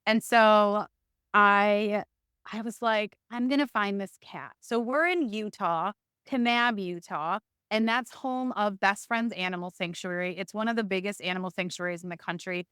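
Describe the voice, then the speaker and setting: A woman's voice: medium pitch, normal speed, a bit bright, clear, resonant tone, no echo, studio quality. Chatty woman telling a story. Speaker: podcast guest. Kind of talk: storytelling in a casual interview.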